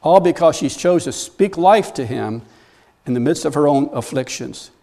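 A man preaching a sermon in a storytelling way, building up to loud, animated bursts. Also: on the high side, normal speed, gravelly. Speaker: pastor.

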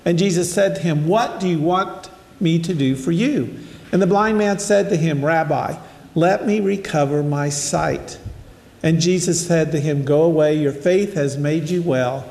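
An older man preaches a casual sermon in an echoey hall, reading scripture and then unpacking it in a conversational, storytelling way while speaking straight to his listeners. His voice sits a little high with a darkish tone and some vocal fry, and he keeps a measured pace.

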